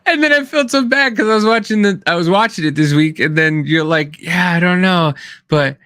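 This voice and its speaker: Guy cohosting a chill podcast, rambly and bright, dry sound. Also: sits high, brisk, clean tone, dry recording. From Kansas. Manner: rambling storyteller, many restarts and fillers. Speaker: podcast co-host. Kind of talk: casual chat.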